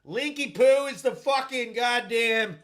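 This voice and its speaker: A man's voice: very high-pitched, a little slow, a bit bright. A man hosting a live show, ranting heatedly and swearing as he reacts to a fight event and his chat. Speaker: host. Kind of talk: livestream rant reacting to chat.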